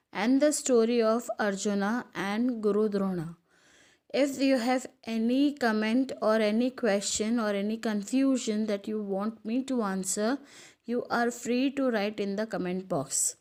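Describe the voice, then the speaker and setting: A woman teacher giving a recorded school lesson, speaking slowly and carefully. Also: a little high, a little mellow. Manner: slow, careful, instructive.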